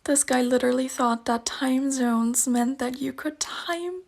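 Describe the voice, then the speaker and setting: High gravelly-voiced young woman from Germany. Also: a little slow. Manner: amused, incredulous retelling. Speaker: TikTok storyteller. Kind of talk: casual storytelling.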